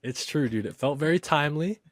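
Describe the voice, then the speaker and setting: A man's voice: a little high, brisk, no echo, studio quality. A man hosting a podcast in casual, upbeat chat, often saying "dude". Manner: upbeat, laid-back, says "dude" a lot. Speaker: podcast host.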